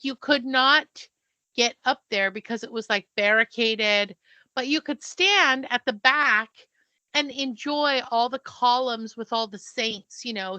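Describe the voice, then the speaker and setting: Bright-voiced woman telling animated stories. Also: fairly high pitch, no echo. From United States. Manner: animated storyteller, acts out quoted people; restarts and stumbles mid-sentence. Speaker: podcast co-host. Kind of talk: casual storytelling chat.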